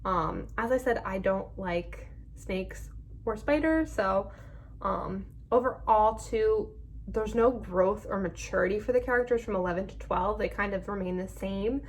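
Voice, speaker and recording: A woman's voice: medium pitch, measured pace, poor audio. A young woman giving a casual book review in a chatty way, full of 'um' and 'like'. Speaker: book club vlogger.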